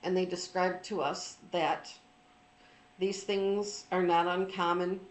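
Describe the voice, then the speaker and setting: A middle-aged woman telling a personal story in an informal, reflective talk, pausing often with ums and restarts. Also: fairly low pitch, flat delivery, echoey room, rough recording. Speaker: trauma recovery speaker.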